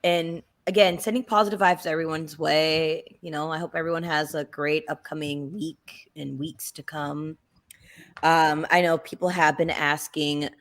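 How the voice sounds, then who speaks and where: A young woman co-hosting a casual live stream, her voice among the lowest for a woman. She rambles a little in an easygoing, thankful tone. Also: steady tone, a little slow, a bit bright. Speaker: podcast co-host.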